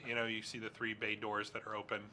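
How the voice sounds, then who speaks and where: Bright-voiced game master. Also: male voice, lowish voice, completely flat delivery, a little hiss or hum. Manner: rambling, halting narration with many fillers. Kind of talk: narrating a tabletop game.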